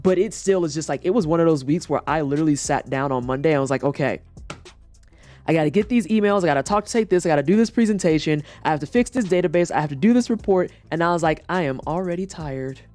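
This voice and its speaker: A young woman streamer from the Saint Louis area, chatting casually and swearing freely, acting out quotes in high voices. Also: lively intonation, fast talker, darkish tone, faint music behind. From Saint Louis area, United States. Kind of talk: casual chat on a livestream.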